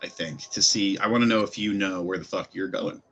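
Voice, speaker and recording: A man's voice: low-pitched, fairly even intonation, brisk, bright, forceful tone, slight background noise. A man narrating a tabletop game as game master, in a casual manner full of fillers.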